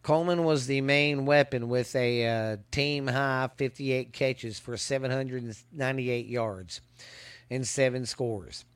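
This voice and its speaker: A man's voice: medium pitch, fairly even intonation, clear, resonant tone, no echo. A man giving a casual football season preview, stumbling and restarting as he reads stats, with hiccups. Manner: halting, stumbles and restarts while reading stats. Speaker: podcast host. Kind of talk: casual sports preview commentary. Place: hot outdoors.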